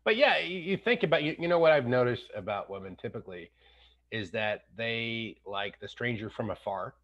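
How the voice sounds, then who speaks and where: A man in his fifties hosting a casual podcast chat, animated, slipping into jokey accent impressions. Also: mid-range voice, moderate pace, muffled recording. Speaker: podcast host.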